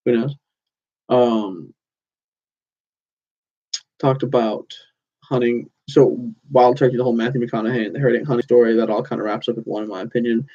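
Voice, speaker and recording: A man's voice: medium pitch, warm tone, breathy edge, lo-fi sound. A young man in his twenties hosting a casual solo podcast, rambling through stories with lots of "like"s and self-corrections. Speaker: podcast host.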